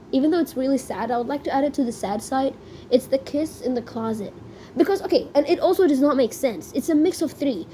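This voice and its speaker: A woman talking casually as a podcast reviewer, gushing and excitable, rambling through her reactions like an eager fan. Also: high voice, slight background noise.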